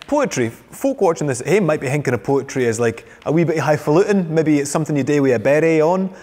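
A man's voice: fairly high pitch, animated, quick pace, a little mellow. Scottish man interviewing. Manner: friendly, Scots words. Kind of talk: casual interview chat. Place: arts centre. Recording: long reverb of a large hall.

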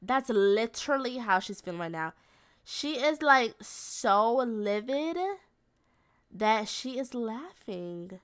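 A woman giving casual, expressive let's-play commentary, chatting to viewers as she plays a life-simulation game. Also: fairly high pitch, slow, clear, resonant tone. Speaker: game streamer.

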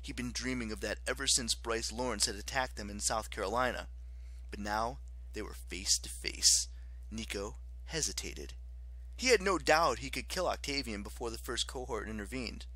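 A man narrating an audiobook in an expressive, dramatic way. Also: medium pitch, moderate pace.

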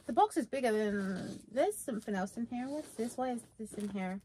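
A woman vlogging casually while unboxing gifts, gushing and excitable. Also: fairly high pitch, moderate pace, few pauses, a little hiss or hum. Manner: gushing and excitable, many fillers.

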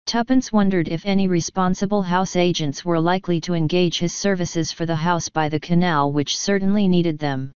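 A woman narrating an audiobook in a measured, even reading voice. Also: fairly low pitch, smooth, no room sound. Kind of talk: scripted narration. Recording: dull lo-fi dry recording.

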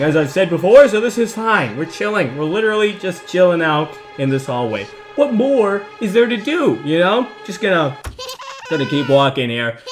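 A man's voice: a little high, very animated, moderate pace, faint music behind. A young man giving rambling, jokey commentary on a horror game, breaking into nervous outbursts. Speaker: gaming YouTuber.

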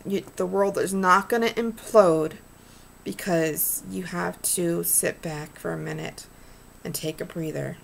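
A woman's voice: fairly low pitch, fairly even intonation, unhurried, creaky, slight background noise. A middle-aged woman vlogging in an earnest, rambling, preachy way. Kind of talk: casual heartfelt vlog rant.

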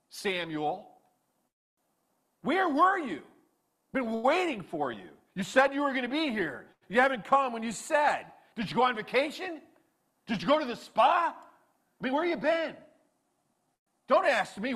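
A man playing an indignant, shrill-voiced king who blames everyone; loud exasperated rant. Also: breathy edge, heavily acted. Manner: loud, high-pitched, exasperated ranting. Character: defensive indignant male king making excuses.

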